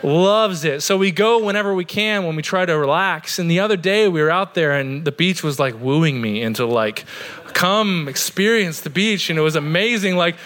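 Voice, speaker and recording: Pastor guy preaching in church, kinda high voice, chatty and earnest, says like a lot. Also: brisk, hardly any pauses, a bit bright. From Oregon, USA. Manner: conversational, earnest, with frequent "like" fillers. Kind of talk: sermon. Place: church sanctuary.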